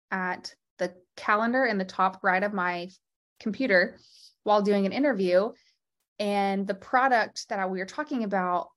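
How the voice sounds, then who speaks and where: A woman clinician talks as a guest in an interview. Her voice sits in a middle range. She speaks earnestly and openly, with heartfelt conviction, in a conversational way that comes in quick bursts. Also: medium pitch. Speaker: interview guest, podcast founder and lymphedema clinician.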